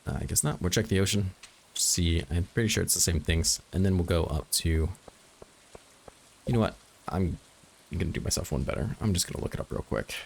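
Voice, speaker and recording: Speaking briskly in a low, gravelly voice, a gaming channel host offers casual let's-play commentary on a farming game, thinking aloud and making dry jokes about himself. A little hiss or hum is audible.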